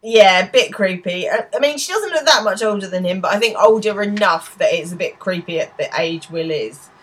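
A woman's voice: mid-range voice, a little fast. A woman co-hosting a podcast, chatting casually as she recaps a TV episode and quotes its lines. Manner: retells scenes with quoted lines, laughs often. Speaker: podcast co-host.

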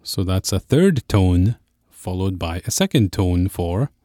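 A man's voice: low voice, expressive, unhurried, mellow, no echo, studio quality. A man teaching a podcast language lesson, explaining patiently step by step.

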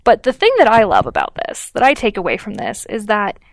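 A woman's voice: mid-range voice, huge pitch swings, fairly quick, no room sound. A woman co-hosting a podcast, telling a story in a chatty way with lots of fillers and acted-out quotes. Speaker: podcast co-host. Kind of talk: casual chat.

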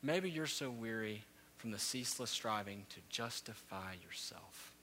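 A man in his thirties preaches in a church sanctuary, his voice very bright and forceful. A long reverb trails each phrase, and his storytelling swells into loud, animated peaks before settling back. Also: fairly low pitch, normal speed, slight background noise. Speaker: pastor. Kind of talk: sermon.

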